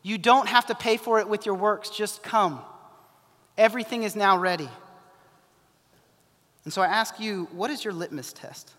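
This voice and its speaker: A man preaching a sermon, impassioned and urgent, then dropping to hushed pleading. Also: sits high, normal speed, pauses often. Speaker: pastor. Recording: long hall reverb.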